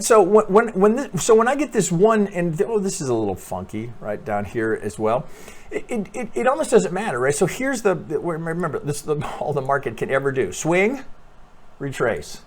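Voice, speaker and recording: A man with a high voice walks through a trading chart casually as an analyst. He talks animatedly, swears freely, and thinks out loud with lots of restarts.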